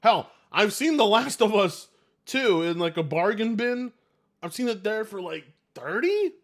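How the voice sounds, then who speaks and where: This is a man hosting a live gaming stream, talking in a loose, rambling way to his chat, swearing and laughing easily. His voice sits a little high for a man and jumps around a lot in pitch, so he sounds very animated. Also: unhurried. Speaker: livestream host.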